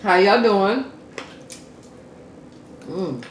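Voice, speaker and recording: A man eating on camera, talking casually to viewers between bites and humming contentedly. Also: high voice. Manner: slow, relaxed, lots of contented hums between bites. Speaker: mukbang eating vlogger. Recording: echoey room with faint background noise.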